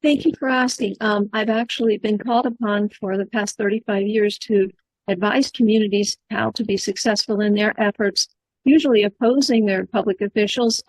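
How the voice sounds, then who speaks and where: A woman's voice: mid-range voice, dry recording, rough recording. Confident woman giving advice, dry sound. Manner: confident, instructive. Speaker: community advocacy adviser. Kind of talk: casual group discussion.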